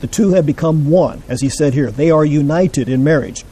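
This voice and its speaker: A man teaching a Bible class, explaining scripture in a measured way and putting questions to his listeners. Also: a little high, warm tone, husky, poor audio.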